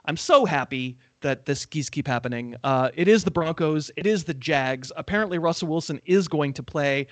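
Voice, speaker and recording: A man's voice: fairly high pitch, lively intonation, normal speed, few pauses, a bit bright, no echo. A man hosting a casual sports betting chat, rambling with self-mocking asides. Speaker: host. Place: in Los Angeles.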